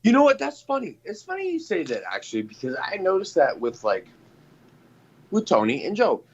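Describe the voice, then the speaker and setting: A man in casual chat, telling stories in a profane, animated way. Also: high-pitched, brisk, slightly rough, muffled recording.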